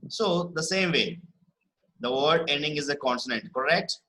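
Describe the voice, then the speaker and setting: A man leads a spelling lesson, repeating words slowly and asking "right?" after each point. His voice sits a little high and sounds bright and forceful. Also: lively intonation, poor audio. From India. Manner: explains patiently, checks understanding with "right?" and "correct?". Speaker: spelling teacher.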